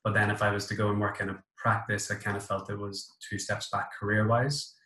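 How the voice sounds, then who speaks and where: A man with a Northern Irish accent, a pharmacist talking in a relaxed, matter-of-fact way in a casual podcast chat. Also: lowish voice, a little fast, echoey room, rough recording. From Northern Ireland. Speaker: pharmacist guest.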